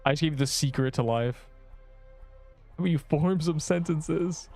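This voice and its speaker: A man's voice: fairly high pitch, moderate pace, vocal fry, a little mellow, soft background music. A young man streaming a game, joking and rambling as he teases the viewers in his chat. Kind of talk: casual gameplay livestream chat.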